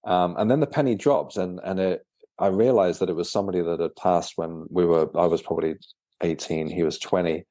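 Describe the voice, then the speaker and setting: A man, a guest and author, telling his story in a casual interview, halting and often repeating words. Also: deep voice, dark tone, no room sound, clean studio sound.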